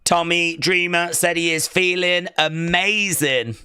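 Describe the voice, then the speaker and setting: A man hosting a live watch-along stream, chatting in a rambling, excitable way and reading viewer comments aloud. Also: high-pitched, takes it slowly, clean tone, dry recording.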